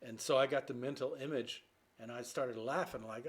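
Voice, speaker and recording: A man explaining English idioms in a relaxed lesson. He talks in a loose, chatty way, with plenty of fillers, and acts out short everyday scenes to make each point. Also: medium pitch, normal speed, husky. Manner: chatty, with many fillers and play-acted quotes. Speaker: English teacher.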